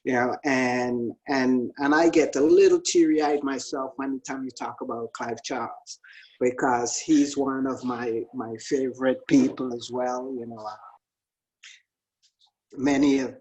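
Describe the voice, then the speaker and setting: A youth soccer coach hosts a casual interview over a video call. He speaks haltingly, repeating words and stopping often with fillers as he works toward his questions. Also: medium pitch, steady tone, a little mellow, husky, rough recording.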